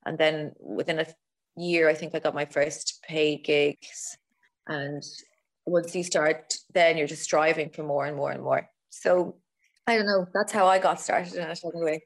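A woman's voice: low voice, fairly even intonation, measured pace. A woman comedian, a podcast guest, chatting casually and repeating words for emphasis. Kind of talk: casual interview chat.

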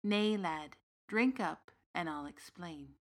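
A woman reading the part of a big, gently knowing uncle from the fairy realm in an audiobook story. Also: on the low side, expressive, slow pace. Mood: calm. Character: big warm Irish uncle, old fairy king's son.

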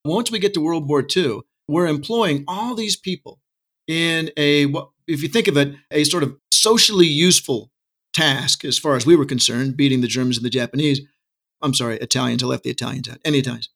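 A man's voice: mid-range voice, brisk, gravelly, a bit bright. A middle-aged man talking with passion as an interview guest, arguing his case with asides and rhetorical questions. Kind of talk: casual interview talk. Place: Texas.

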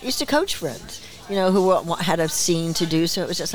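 A woman in her seventies, a guest actress and director, telling stories in a relaxed interview and acting out the voices she quotes, with frequent laughter. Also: fairly low pitch, fast. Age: 70s. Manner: lively storyteller who acts out quoted voices, laughs often. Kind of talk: casual interview storytelling. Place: small bar.

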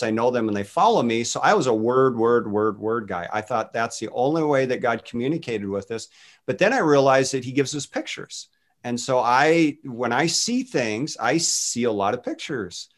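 A man speaking as a guest minister in a casual faith conversation, telling stories in an animated way and voicing quotes. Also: mid-range voice, normal speed. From United States. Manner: animated storytelling with voiced quotes.

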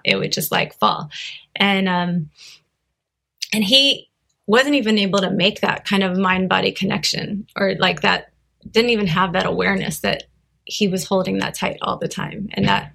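A middle-aged woman reflects aloud as a conversation guest, pausing often and restarting her sentences. Her voice is thick with gravelly fry, sitting at an ordinary middle pitch for a woman. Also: a bit bright. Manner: thoughtful, hesitant, many fillers and restarts.

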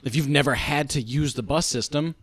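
A middle-aged man co-hosting a casual podcast chat, telling stories with lots of swearing and acting out quotes loudly. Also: on the high side, brisk, breathy edge, no room sound. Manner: animated storyteller, swears, acts out shouted quotes. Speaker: podcast co-host.

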